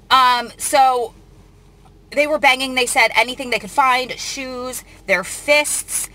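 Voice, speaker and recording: A woman host with a bright, fairly high voice reads a news story aloud and adds her own comments. She speaks earnestly, her feeling showing, and often stops to restart a sentence. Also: slow pace, pauses often. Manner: earnest and emotional, with frequent restarts. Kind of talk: reading and commenting on a news article.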